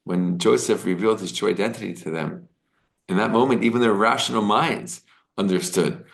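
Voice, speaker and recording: A man's voice: sits low, normal speed, gravelly. A man giving a casual, earnest Torah lesson, retelling the story with quoted dialogue and often asking "right?". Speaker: Torah teacher.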